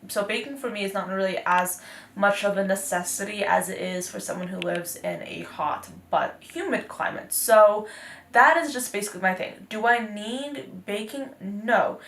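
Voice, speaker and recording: Chatty teen beauty vlogger, gravelly edge. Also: female voice, medium pitch, normal speed, fairly bright tone, echoey room. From North Texas. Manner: chatty and upbeat, with frequent fillers. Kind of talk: casual anti-haul chat.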